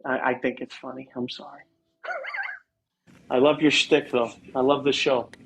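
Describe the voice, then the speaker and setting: A man, chatting casually and joking as a guest on a live stream, often halting and restarting. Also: medium pitch, little pitch movement, vocal fry, fairly bright tone, a little hiss or hum, low-quality recording. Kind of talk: casual chat.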